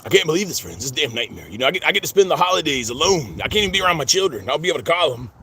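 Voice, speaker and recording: This middle-aged man's voice sits on the high side, very animated, racing, pushed and bright, as he vlogs at a cemetery outdoors. He rambles, restarts with stammers and says "friends" to his viewers constantly. There's a little hiss or hum.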